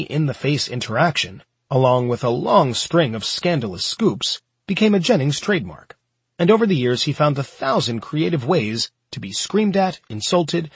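A man reading a nonfiction book aloud in a steady, measured storytelling manner. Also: fairly high pitch, husky, no echo. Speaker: audiobook narrator. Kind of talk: scripted nonfiction audiobook narration.

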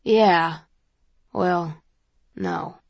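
A woman reading the part of a drunk, relaxed young man who speaks slowly and softly, in a lowish voice. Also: no echo. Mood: soft, teasing.

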